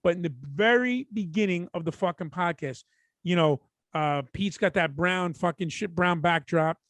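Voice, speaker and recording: Profane high-voiced New man. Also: moderate pace, fairly bright tone, no echo. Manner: profane, boisterous banter. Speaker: podcast co-host. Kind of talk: casual chat.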